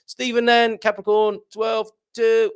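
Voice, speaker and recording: A man's voice: slow, clear, resonant tone. A middle-aged man hosting a live stream, chatting playfully, greeting viewers by name and making puns. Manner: lively up-and-down pitch, jumps high for greetings. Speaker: host. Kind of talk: live-stream chat reading viewer comments.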